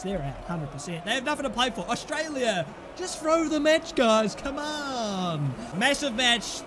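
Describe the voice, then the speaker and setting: A young man commentating his own football video game, excitable, groaning and then yelling at the play. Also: very high voice, background noise. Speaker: gaming commentator. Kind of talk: live gameplay commentary.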